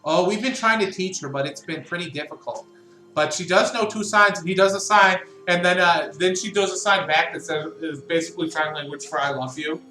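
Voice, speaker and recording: Lively bright-voiced man running a tabletop game. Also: on the high side, fairly quick, echoey room, poor audio. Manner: lively, laughing storyteller who shouts in big moments. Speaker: game master.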